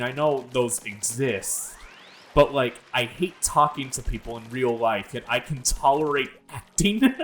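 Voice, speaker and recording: A man's voice: mid-range voice, fairly bright tone, slight background noise. A young man hosting a gaming video, rambling in casual commentary full of fillers and swearing. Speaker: gaming channel host.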